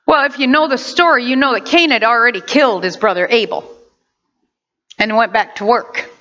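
A woman preaching a sermon, impassioned and animated, with sudden loud outbursts. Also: on the high side, moderate pace. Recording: dull lo-fi recording.

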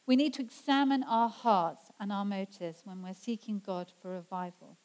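A woman preaching a sermon in an earnest way, slowing down to stress scripture quotes. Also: mid-range voice, a little mellow, poor audio. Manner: earnest, slows down for emphasis when quoting scripture.

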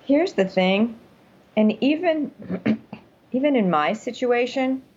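Older woman, interview guest, slow deliberate talk, emphatic, dull remote sound. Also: on the high side, lively intonation, darkish tone, husky. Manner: earnest, emphatic storytelling. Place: home room.

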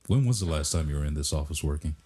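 A man's voice: a bass voice, expressive, very fast, dark tone, slightly rough. A man hosting a casual podcast from a home office, talking in a rambling, joking way with plenty of fillers. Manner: rambling, jokey, many fillers. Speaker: podcast host. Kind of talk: casual chat.

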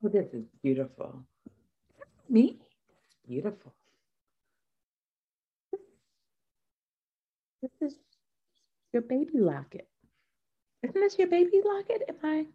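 Woman improvising an emotional partner, slightly high voice, gushing, defensive, comedy scene. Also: very animated, breathy edge, narrow, tinny audio, heavily acted. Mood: touched. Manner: gushing, quick to tears and self-justifying. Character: emotional, touchy woman on a romantic outing.

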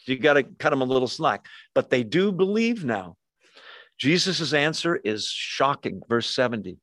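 A man's voice: medium pitch, sing-song, moderate pace, a bit bright, no echo, clean studio sound. A man preaching a casual verse-by-verse sermon, with wry asides and acted-out quotes. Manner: conversational, wry asides, acts out quoted voices. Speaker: pastor. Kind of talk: expository sermon.

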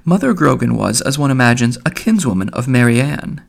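A grave, aloof young man, voiced by a man in an audiobook. He speaks dryly in a gravelly, middling voice. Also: mid-range voice, sing-song, a little fast. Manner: grave, dry.

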